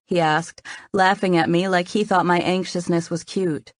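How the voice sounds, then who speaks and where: Woman reading a romance audiobook, lowish voice, dry close mic. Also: fairly even intonation, moderate pace, dry recording. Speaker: audiobook narrator. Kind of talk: first-person romance narration.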